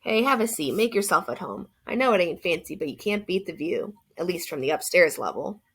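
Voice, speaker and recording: A biting, wisecracking teenage boy ghost, as a woman reader puts him on in an audiobook. He teases in a low, gravelly voice. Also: lively intonation, brisk, a bit bright, full character voice. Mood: teasing. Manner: teasing, wisecracking. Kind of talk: audiobook character voice.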